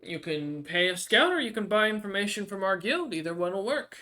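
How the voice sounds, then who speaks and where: A woman's voice: medium pitch, very animated, brisk, pushed and bright, voice pushed up. A man voicing a young, sly female dwarf who keeps a bar in a thieves' guild, coy and sweet-talking while she haggles.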